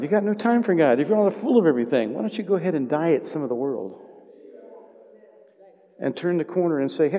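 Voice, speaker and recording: In a church sanctuary with long hall reverb, a married pastor with a voice on the high side preaches to his congregation over dull-sounding audio. He shifts between conversational stretches with repeated calls to the congregation and impassioned, increasingly loud exhortation.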